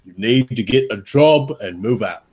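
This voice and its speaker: A man plays a stern English uncle who lectures and then turns mock-sentimental. He has a medium-pitched voice in a put-on English accent. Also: lively intonation, moderate pace, darkish tone, slight background noise, lightly acted. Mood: lecturing. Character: middle-aged male cleaner, doting stern uncle.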